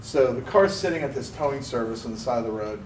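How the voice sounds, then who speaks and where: A man from Pennsylvania, co-hosting a car podcast, telling a story in a casual, animated way and acting out the voices he quotes. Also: medium pitch, fast. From Pennsylvania, USA. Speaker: podcast co-host. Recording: roomy, distant mic with faint noise.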